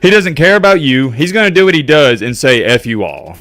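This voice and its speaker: A man's voice: on the high side, animated, brisk, fairly bright tone. A man streaming sports commentary, ranting emphatically with sarcastic asides while reading out fan comments. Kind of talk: casual rant over fan comments.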